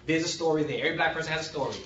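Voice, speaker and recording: A man's voice: a little high, rapid-fire, a bit bright, slight background noise. A man giving a conversational lecture as a sociologist, joking and often checking in with his audience. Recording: echoey room, distant and dull.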